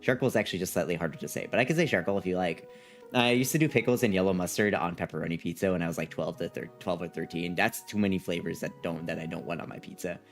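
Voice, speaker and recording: A man's voice: sits low, quick pace, faint music behind. A man chatting casually on a live stream, reading chat aloud in a playful, rambling way and repeating himself.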